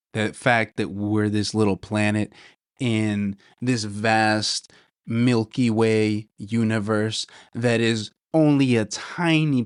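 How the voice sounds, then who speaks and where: A chatty young man hosts a casual solo podcast in a smooth, mid-range voice that's starting to go hoarse. He's enthusiastic and rambling and says "dude" constantly. The recording is close and dry, with no room sound.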